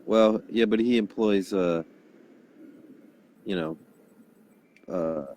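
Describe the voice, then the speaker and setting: A man with a very low, deep voice chats into a phone from someone's house. He talks haltingly, stumbling through fillers and restarts. Faint noise hangs in the background. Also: darkish tone. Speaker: chat participant. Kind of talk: casual online hangout chat. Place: girlfriend's grandmother's house.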